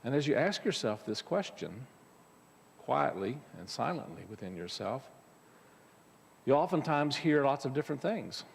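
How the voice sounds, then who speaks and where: A male minister speaks to his congregation in a casual, conversational way. His mid-pitched voice has a gravelly texture, and it rings with the long reverb of a church hall. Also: sing-song, moderate pace, long pauses. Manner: conversational, with fillers and restarts. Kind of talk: spiritual talk to a congregation. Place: church sanctuary.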